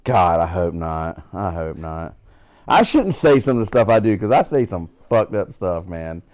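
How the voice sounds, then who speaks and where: A man with a low voice that swings widely in pitch. He co-hosts a loose podcast chat, swearing and laughing as he acts out the people in his stories. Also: very animated, measured pace, a little mellow, dry recording, clean studio sound. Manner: crude, laughing, tells stories with put-on voices. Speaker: podcast co-host. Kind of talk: casual chat.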